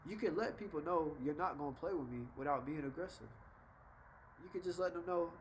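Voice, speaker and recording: A man's voice: fairly high pitch, fairly quick, a little hiss or hum, poor audio. A young adult man talking casually to camera with life advice, laid-back and conversational, slipping into short example voices. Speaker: vlogger giving life advice.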